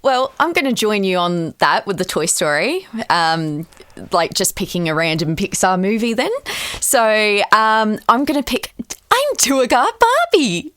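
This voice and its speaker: A woman co-hosts a chatty podcast, upbeat and often laughing. She speaks slowly with a lively pitch, recorded dry and close. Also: clean tone, no echo. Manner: giggly, upbeat. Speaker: podcast co-host. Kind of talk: casual podcast chat.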